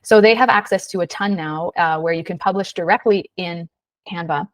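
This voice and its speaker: A woman's voice: fairly low pitch, moderate pace, dry recording, distant mic. A woman hosting a live screen-share tutorial, chatty and casual, with lots of fillers and "right?" tags. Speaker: webinar host, design instructor.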